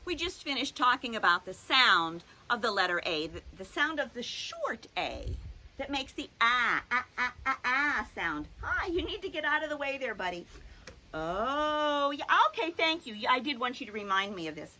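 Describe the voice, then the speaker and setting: An older woman teaching young children a phonics lesson, playful and fond of drawn-out sound demonstrations. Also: fairly high pitch, big pitch swings, bright, forceful tone.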